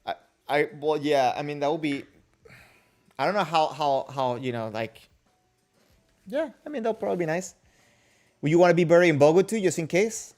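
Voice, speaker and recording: A man's voice: fairly high pitch, moderate pace, pauses often, a little mellow. A man hosting a casual livestream, answering viewer comments and questions in a rambling, joking way with many restarts. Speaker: kendo livestream host.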